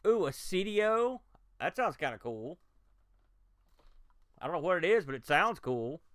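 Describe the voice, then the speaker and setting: A man commentating live as he plays old video games, talking to his chat and reacting loudly to what happens on screen. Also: fairly high pitch, normal speed, dry recording, clean studio sound. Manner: excitable, reacts loudly to gameplay and talks to chat. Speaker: game streamer. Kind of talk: live game-stream commentary.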